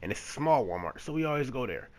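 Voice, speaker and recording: A man from Detroit telling a story to the camera in a casual, profane, animated vlog style, acting out the other people's lines as he goes. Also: mid-range voice, quick pace. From Detroit, USA. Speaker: vlogger.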